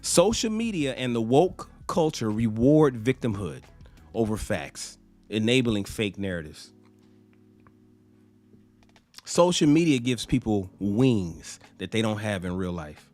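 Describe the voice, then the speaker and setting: A man's voice: on the low side, sing-song, unhurried, a little mellow, soft background music. A man giving a blunt opinion monologue to camera, emphatic and profane, acting out the people he quotes. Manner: blunt, emphatic, swears freely; acts out quoted people in mocking voices. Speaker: social commentator.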